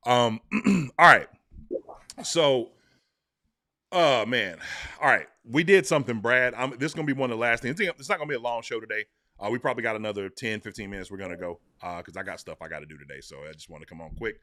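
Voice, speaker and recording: A man co-hosting a casual sports podcast, teasing and excitable in a playful way. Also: mid-range voice, quick pace, dry recording, studio quality. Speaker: podcast co-host.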